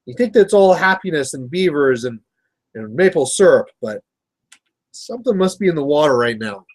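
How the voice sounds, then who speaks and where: Casual Canadian male streamer, rambling storyteller, slightly raised pitch. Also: animated, moderate pace. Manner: rambling storyteller, chatty with viewers. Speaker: miniature painting livestream host. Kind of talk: casual chat while painting.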